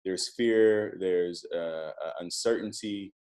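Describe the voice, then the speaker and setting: A man's voice: deep voice, takes it slowly, darkish tone. A man talking as a guest on a podcast, a coach speaking casually with many restarts and fillers. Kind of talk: casual interview chat.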